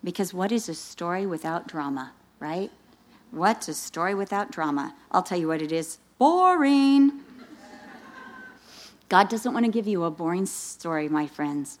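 A middle-aged woman preaching to a gathering of women. She weaves personal stories into her message and brings them to life, jumping up in pitch as she acts out what people said. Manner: animated storytelling, acting out dialogue with rising pitch. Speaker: speaker at a women's Christian gathering. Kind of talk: sermon with personal story.

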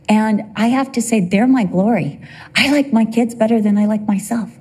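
Husky-voiced woman preacher, expressive. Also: on the high side. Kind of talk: sermon.

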